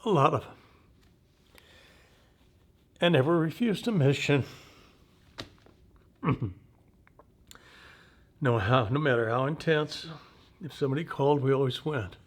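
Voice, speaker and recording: A man in his seventies, a veteran telling personal war stories in an interview, in an unhurried, halting, folksy way. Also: mid-range voice, expressive. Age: 70s.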